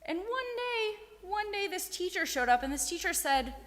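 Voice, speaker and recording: Lively woman telling kids a story. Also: extremely high pitch, moderate pace. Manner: animated, asks the kids questions. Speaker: children's storyteller. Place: synagogue sanctuary. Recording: echoey hall.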